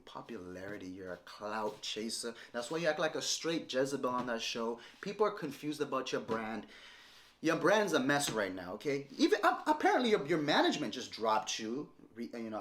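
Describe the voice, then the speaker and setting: A man's voice: medium pitch, fairly bright tone. A man in his thirties delivers a direct-to-camera rant at his ex-partner. He is confrontational and keeps circling back to the same points. His voice moves a lot, rising and falling as he presses each one home. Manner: confrontational, repetitive, lecturing. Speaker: vlogger responding to an ex-partner.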